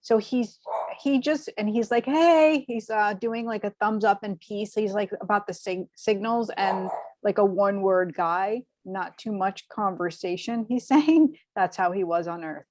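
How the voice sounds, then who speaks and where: A woman hosting a spiritual show, giving medium readings in an animated, gushing way with lots of fillers. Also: mid-range voice, a little slow, no room sound. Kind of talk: spiritual reading, casual chat.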